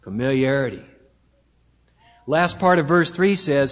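A man preaching a sermon in a church, measured and slowing down to stress key words. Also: a little high. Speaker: pastor. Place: church sanctuary. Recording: dull lo-fi sound with long hall reverb.

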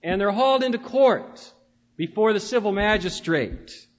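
Male preacher with a high voice, storytelling style and many "uh"s, recorded dull and reverberant. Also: lively intonation, moderate pace. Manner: storytelling, with frequent "uh" fillers. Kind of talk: conversational sermon.

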